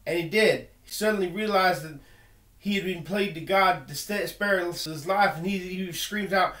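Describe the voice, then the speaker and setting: A man's voice: high-pitched, normal speed, fairly bright tone, echoey room. A man giving an earnest personal monologue, emphatic and full of repeated words and restarts. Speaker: video blogger.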